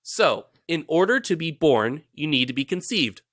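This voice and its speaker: Guy on a podcast explaining history, bright tense voice, dry close sound, lots of um and restarts. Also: on the high side, big pitch swings, moderate pace, dry recording. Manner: rambling, self-correcting, jokey explainer. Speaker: podcast host presenting research. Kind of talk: casual podcast chat.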